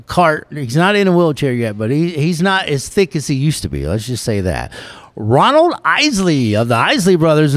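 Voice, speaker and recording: Casting: man, show host, rambling and laugh-prone, animated pitch, a bit higher than most men. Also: dry recording. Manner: rambling, laughs often, drawling storyteller. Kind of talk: casual radio-style show chat.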